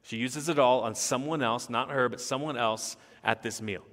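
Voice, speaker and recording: A man's voice: medium pitch, moderate pace, a bit bright. A man in his thirties delivers a sermon in a church sanctuary, his mid-range voice trailing off into a long hall reverb. He talks earnestly and conversationally, building to emphatic bursts. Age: 30s. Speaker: pastor. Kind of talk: expository sermon.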